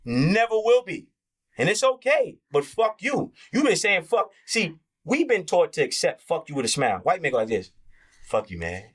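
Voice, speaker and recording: A man's voice: sits high, very animated, normal speed, slightly rough. A man talking as an interview guest in a heated, candid conversation, impassioned and profane, acting out the voices he quotes.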